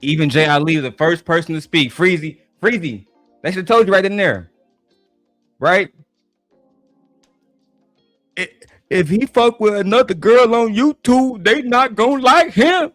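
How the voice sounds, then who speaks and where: A man streaming live, telling stories in a profane, boastful, animated way. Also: high-pitched, a little slow, pauses often, dry recording, studio quality, faint music behind. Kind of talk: livestream rant.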